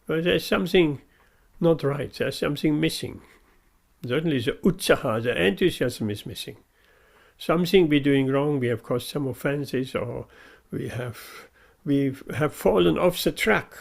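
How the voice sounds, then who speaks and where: Man preaching a devotional talk, really gravelly voice, pitched a bit high, earnest and emphatic. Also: unhurried. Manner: earnest, emphatic, repeats key phrases. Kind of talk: devotional sermon.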